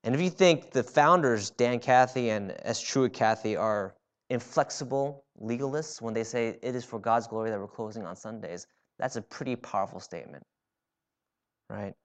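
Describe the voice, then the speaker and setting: In a church, a pastor with a mid-range voice preaches at a moderate pace. His sermon is conversational, sprinkled with frequent "right?" asides to check in with listeners.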